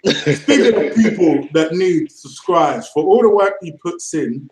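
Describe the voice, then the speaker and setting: A man's voice: on the high side, a little slow, reverberant, low-quality recording. A man hosting a casual fan review chat, laughing often. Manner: excitable, laughs often, London slang. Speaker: podcast host.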